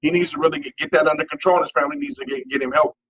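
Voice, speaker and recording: A man's voice: fairly high pitch, fairly even intonation, racing, a bit bright, breathy edge, highs cut off. A man co-hosting a casual sports talk podcast, often stammering and restarting his sentences.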